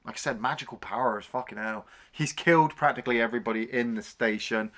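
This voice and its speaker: A man co-hosting a film review podcast, retelling the plot in a casual, animated way, swearing freely and acting out scenes. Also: mid-range voice, quick pace.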